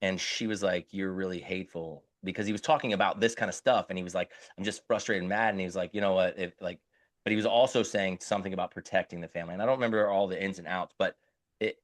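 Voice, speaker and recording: Earnest and often starting over while searching for words, this middle-aged podcast co-host chats casually. His voice is low and fairly bright, recorded dry.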